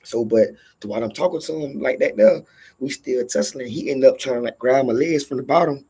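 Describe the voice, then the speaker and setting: A man telling a profane workplace story in casual storytelling style, animated and acting out every line of dialogue. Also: medium pitch, brisk, breathy edge.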